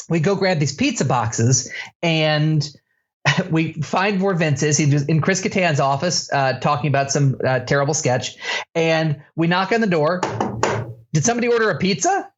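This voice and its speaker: A middle-aged man hosting a podcast, telling an anecdote with animated energy and laughing as he tells it. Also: a little high, muffled recording. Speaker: podcast co-host. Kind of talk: casual storytelling chat.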